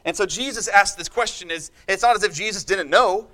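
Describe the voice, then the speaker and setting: Preaching from the pulpit, a man with a noticeably high, sharp voice delivers an impassioned, emphatic sermon at a slightly fast clip. He turns to the congregation to draw out a response.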